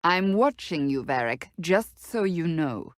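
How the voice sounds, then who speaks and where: A woman's voice: low voice, lively intonation, a little slow, no room sound, studio quality. An actress playing a stern, blunt female warrior in curt, formal video game companion dialogue.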